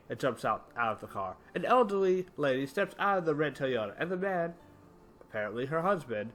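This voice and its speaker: A man narrating online stories aloud in an animated way, now and then correcting himself mid-line. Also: a little high, moderate pace. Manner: animated reading with small self-corrections. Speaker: story narrator. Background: faint background music.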